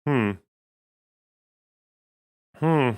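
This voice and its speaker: A man live-streaming casual commentary while reading chat, his voice strained and missing its lower range, swearing and laughing as he thinks aloud. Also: drawn-out words, darkish tone, clear, resonant tone.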